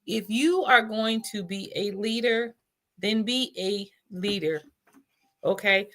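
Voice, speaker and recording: A woman hosts a casual reaction show with a bright, forceful voice. She talks back to the clip in disbelief and scolds the people in it. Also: mid-range voice, slow pace. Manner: incredulous, scolding. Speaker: host.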